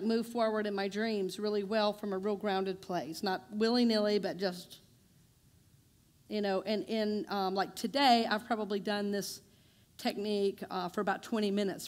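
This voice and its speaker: A woman minister giving a chatty, conversational sermon in a church, joking with her congregation. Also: mid-range voice. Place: church sanctuary.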